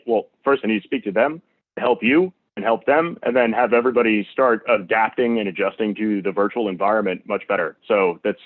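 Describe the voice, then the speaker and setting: Brisk man on a tinny line. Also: fairly low pitch, dry recording. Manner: polite, upbeat, easygoing. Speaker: sales caller. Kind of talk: cold calling and casual chat. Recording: tinny dry phone-like audio.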